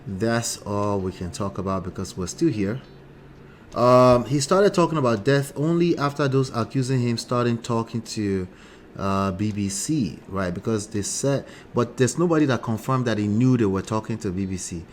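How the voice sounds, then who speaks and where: A man with a blend of Nigerian and New Jersey accents hosts relationship talk, giving casual commentary full of asides and frequent rhetorical "right?" checks. His voice is mid-range at a moderate pace, with a little hiss or hum in the audio.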